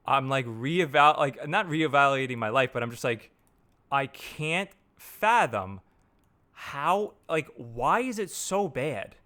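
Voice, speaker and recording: A man's voice: medium pitch, expressive, takes it slowly, bright, forceful tone. A man in marketing ranting casually to camera, rambling and restarting his sentences with a lot of swearing. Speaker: marketer reviewing software. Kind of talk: casual unscripted rant to camera.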